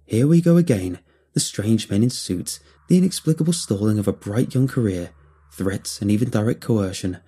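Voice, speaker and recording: A man voicing an indignant male scientist who is scornful and quick to argue, loud and sharp with a raised voice. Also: lowish voice, expressive, breathy edge.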